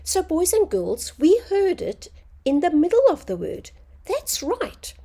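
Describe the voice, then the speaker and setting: Woman teacher, high lively voice, slow careful sounding out, talks to young kids. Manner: slow, clear sounding out of words, addressing children. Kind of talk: phonics lesson for young children.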